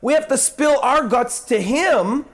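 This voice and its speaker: A man with a strikingly high-pitched voice delivers a sermon in an earnest, conversational way. He leans on repetition, slowing down to stress each line, and now and then breaks into mock-whiny asides. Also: expressive. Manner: slows for emphasis on repeated lines. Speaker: preacher.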